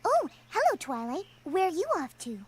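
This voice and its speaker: A woman voicing a timid, gentle young female pony in a cartoon, soft and hesitant, with a sweet, fretful manner. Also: very high voice, huge pitch swings, moderate pace, exaggerated voice. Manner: sweet, fretful, speaks quietly. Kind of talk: cartoon voice acting.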